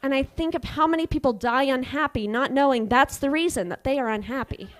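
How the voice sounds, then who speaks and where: A young woman performing a stand-up comedy set, telling stories haltingly with many fillers and deadpan punchlines. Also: sits high.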